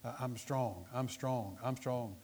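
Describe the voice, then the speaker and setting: Preacher doing an insistent minister, firm repeated commands, mid-pitched male voice, sermon story retelling. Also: takes it slowly, a little mellow, husky. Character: firm older male minister giving instructions.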